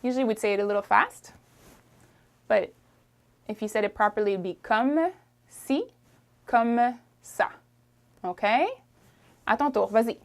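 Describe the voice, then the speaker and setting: A woman teaching a French lesson, repeating phrases slowly and encouraging the learner to try. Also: medium pitch, vocal fry. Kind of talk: friendly language lesson.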